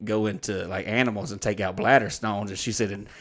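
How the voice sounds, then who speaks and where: A man's voice: fairly low pitch, steady tone, a little fast, fairly bright tone. A man telling comedic anecdotes on a podcast, swearing freely and acting out the dialogue of the people in his story. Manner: profane, rambling anecdotes acting out quoted dialogue. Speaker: podcast co-host.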